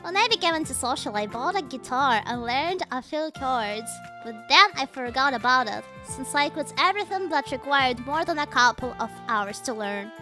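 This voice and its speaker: A woman's voice: sits high, lively intonation, normal speed, hardly any pauses, bright, forceful tone, faint music behind. A woman reading an awkward antisocial young man. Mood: dry.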